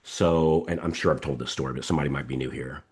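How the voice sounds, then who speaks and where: Over a video call mic, a middle-aged coaching host talks fast in a very deep, slightly rough voice. He hammers his points with emphasis and repetition and launches into lively stories.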